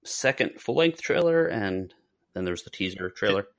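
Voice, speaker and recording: Deep-voiced man in casual podcast chat. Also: animated, moderate pace. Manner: rambling, self-correcting, lists names. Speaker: podcast co-host.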